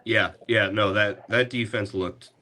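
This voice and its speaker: A man's voice: fairly low pitch, steady tone, unhurried, bright, forceful tone, a little hiss or hum. A man hosting a casual sports podcast, talking in a rambling way with many fillers and restarts. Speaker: podcast host.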